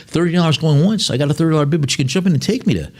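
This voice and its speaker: A man working as an auctioneer, calling bids quickly and describing each lot in a slower, chatty way with dry jokes. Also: on the high side, a little mellow.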